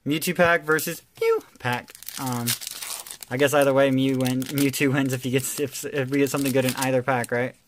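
A man doing casual, playful commentary while opening trading card packs, excitedly calling out cards and teasing his viewers. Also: medium pitch, normal speed, a little hiss or hum. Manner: excitable, calls out card names with bursts of energy.

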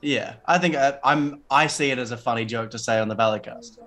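A man chats as a podcast guest and tells a story at an average pitch. He often stops and restarts, with plenty of ums and uhs. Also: pushed and bright, soft background music. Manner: halting, many fillers and restarts. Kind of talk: casual chat, storytelling.

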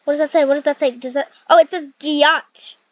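A woman's voice: high voice, fairly even intonation, brisk, dry recording. A young woman casually commentating a role-play game in a chatty, rambling way, often correcting herself. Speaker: gaming channel host. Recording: dull lo-fi mic.

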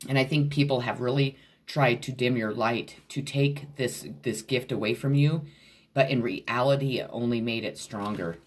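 At home, a man gives a casual tarot reading, speaking directly to the viewer in a blunt, loose manner and swearing freely. His pitch is an ordinary middle range and he talks at normal speed.

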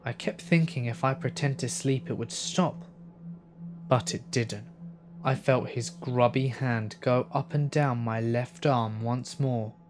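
Slow-reading male horror narrator. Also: medium pitch. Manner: slow, subdued storytelling. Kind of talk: scripted narration of horror stories.

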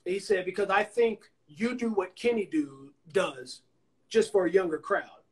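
A man from Alabama with a notably high speaking voice tells long anecdotes in a relaxed interview. He slips into the voices of the people he quotes as he goes. The sound comes through a phone on a live stream. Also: measured pace. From Anniston, Alabama, US. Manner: animated storyteller acting out quoted voices. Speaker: songwriter and producer guest. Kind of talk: casual storytelling interview. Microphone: Instagram Live phone call.

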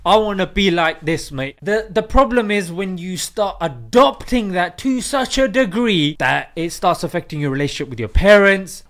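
A man with a noticeably high speaking voice hosts his own channel. He rants in a playful, slangy way, mixing jokes into his commentary. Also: fairly bright tone. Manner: playful, chatty, slangy delivery. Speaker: Islamic video host. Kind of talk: comic ranting commentary.

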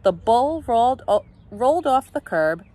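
A woman, a teacher, reading a children's picture book aloud with expressive, animated storytelling. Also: fairly high pitch, unhurried, a little hiss or hum.

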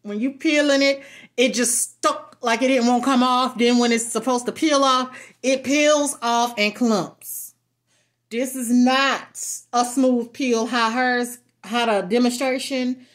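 Slow-talking blunt woman vlogger. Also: a little high. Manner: blunt and frank, cusses freely, laughs often. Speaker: beauty and lifestyle vlogger. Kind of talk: casual product review chat.

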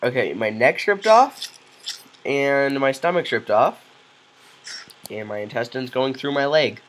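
A man doing goofy, excitable let's play commentary, yelling reactions and cracking self-mocking jokes. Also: medium pitch, measured pace, slight background noise, low-quality recording. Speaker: gaming commentator.

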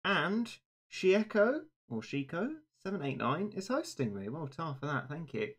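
A man's voice: on the high side, very animated, unhurried, a bit bright, slightly rough. A man, chatting casually on a live stream with dry, self-deprecating humor.

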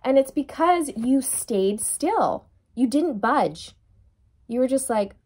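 A woman's voice: sits high, expressive, slow pace, a little mellow, husky. A woman giving a casual tarot reading, chatty and addressing viewers directly, often breaking into giggles. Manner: giggly, bursts into laughter. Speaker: tarot reader.

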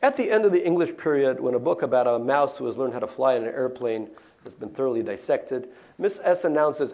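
A middle-aged man from Russia, an author, reading his memoir aloud in a lecture hall, with a wry, deadpan delivery and little spoken asides. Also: mid-range voice, a little fast, vocal fry.

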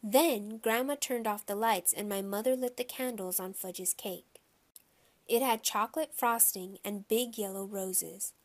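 A woman reads a children's chapter book aloud in a lively, expressive manner. Her pitch sits in the middle range. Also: measured pace. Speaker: audiobook narrator. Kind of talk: scripted children's audiobook narration.

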